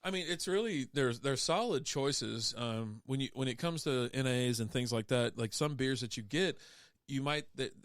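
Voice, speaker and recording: A man's voice: mid-range voice, moderate pace, no echo, clean studio sound. Blunt, teasing man on a beer podcast. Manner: blunt, teasing, swears freely. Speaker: podcast co-host. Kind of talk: casual beer podcast chat.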